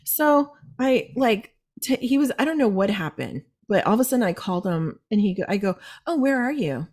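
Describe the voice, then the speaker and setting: A woman hosting a casual chat, telling stories in an animated, chatty way. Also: mid-range voice, a little fast. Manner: chatty, animated storytelling with laughs. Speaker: host.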